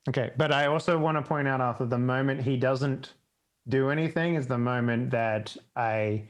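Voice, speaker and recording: A man's voice: mid-range voice, moderate pace. A man playing a tabletop role-playing game, talking hesitantly with many restarts. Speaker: player.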